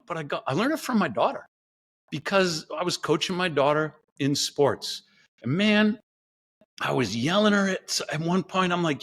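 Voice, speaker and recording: Middle-aged man, expressive guest storyteller, sweeping pitch. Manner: animated storyteller, acts out his own pep talks. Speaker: guest scientist. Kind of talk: podcast interview.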